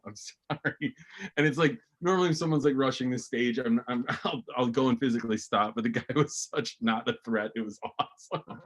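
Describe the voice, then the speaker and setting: A man's voice: medium pitch, fairly quick. A man hosting an online open mic over a video call, telling a story between laughs and bringing up the next comic. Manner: chatty, laughing storyteller who introduces acts.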